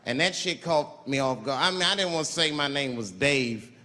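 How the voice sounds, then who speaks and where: A man doing a stand-up comedy set, telling a story in an animated way on a theater stage into a handheld mic. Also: moderate pace. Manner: animated storytelling, jumps into shrill put-on voices. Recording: hall reverb, crowd laughter noise.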